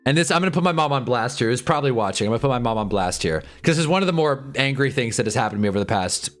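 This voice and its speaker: Young man, 20s, livestream rant, lively swooping pitch, rambling, joking. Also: racing, soft background music. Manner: animated, jokey, rambling with frequent laughs. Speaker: livestream host.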